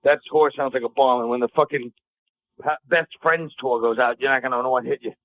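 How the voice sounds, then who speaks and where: A male comedian trading sarcastic, deadpan jabs in casual radio banter. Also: mid-range voice, brisk. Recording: tinny phone-like radio audio.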